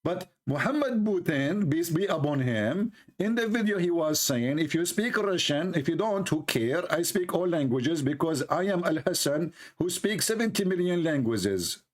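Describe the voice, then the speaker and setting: A man comments mockingly on a clip, needling and repeating his point in halting English. His voice sits a little higher than most men's. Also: animated. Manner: sarcastic, repetitive, in halting English.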